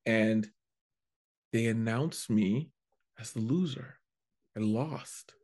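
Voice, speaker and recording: A man, a comedian, telling a story in a casual chat, animated and prone to restarting his sentences. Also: lowish voice, slow pace. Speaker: comedian guest.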